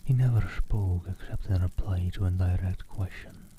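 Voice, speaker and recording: A man reading a novel aloud as an ASMR streamer, in soft whispered narration close to the mic. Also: deep voice, moderate pace, muffled recording, a little hiss or hum.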